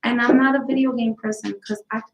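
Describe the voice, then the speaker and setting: A woman's voice: a little high, fairly even intonation, fast, reverberant, a little hiss or hum, low-quality recording. A woman, chatting casually on her own live show, blunt, profane, rambling from story to story. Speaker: host of a live talk stream. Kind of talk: casual chat.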